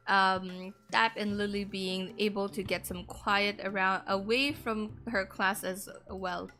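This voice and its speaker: A woman's voice: mid-range voice, little pitch movement, slow, bright, forceful tone, soft background music. A woman reading a reserved young male student. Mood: reflective.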